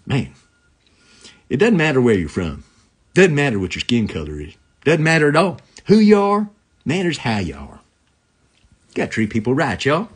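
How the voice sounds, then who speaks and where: A man's voice: mid-range voice, sing-song, moderate pace, long pauses, husky. A man hosting a comedy live stream into a phone camera, rambling from joke to joke and greeting viewers as they join.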